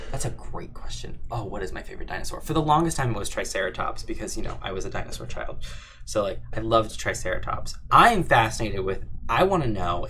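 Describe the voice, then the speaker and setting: A man's voice: mid-range voice, a bit bright, a little hiss or hum. A man hosting a casual livestream Q&A, rambling and playful, swearing and laughing often. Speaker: audio creator hosting a livestream Q&A.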